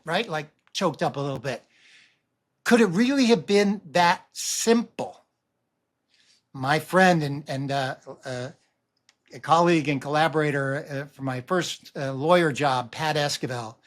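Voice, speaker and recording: A man in his sixties who runs a running vlog, talking casually and rambling to camera, with animated swings and frequent restarts. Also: a little high. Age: 60s. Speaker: running vlogger.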